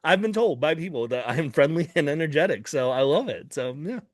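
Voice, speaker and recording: A man's voice: fairly high pitch, animated, no echo, clean studio sound. A man who is a student pastor, co-hosting a podcast in playful casual chat and laughing often. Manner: playful, laughs often, quick bursts of talk.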